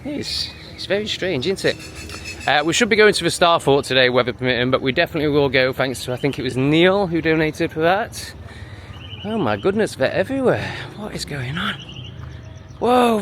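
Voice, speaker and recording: A man's voice: fairly high pitch, expressive, moderate pace, noisy background. A man talking in a walking vlog, dismissive and sneering, out on a busy street. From England. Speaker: vlogger.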